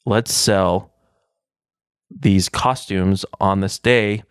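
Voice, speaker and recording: A man's voice: low-pitched, steady tone, extremely slow, clean tone, dry recording, studio quality. A man in his thirties, co-hosting a podcast, chatting casually with lots of fillers and self-deprecating asides. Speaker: podcast co-host. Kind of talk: casual chat.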